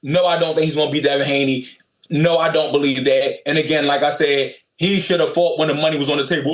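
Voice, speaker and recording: A man's voice: a little high, fast talker, reverberant. A man calling in as a boxer guest, talking trash in a blunt, profane, emphatic way. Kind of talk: brash trash talk.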